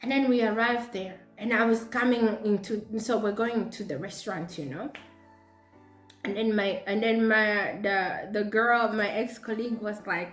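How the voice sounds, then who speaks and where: Woman vlogger with a Zambian accent, lively and laughing, recorded in an echoey room with soft music underneath. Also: medium pitch, moderate pace. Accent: Zambian English. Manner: animated, laughs often while telling the story. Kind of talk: storytime vlog. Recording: roomy echo with faint background music.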